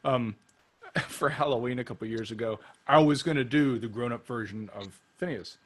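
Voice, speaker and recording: A man's voice: medium pitch, moderate pace. A man hosting a casual interview podcast, talking as an eager, enthusiastic fan who asks questions. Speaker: podcast host.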